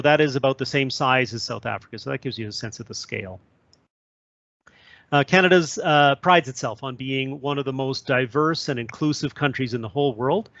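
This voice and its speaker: Halting man presenting in a webinar. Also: medium pitch, fairly bright tone, no room sound. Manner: halting, many fillers. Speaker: trade commissioner presenting. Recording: dull lo-fi audio.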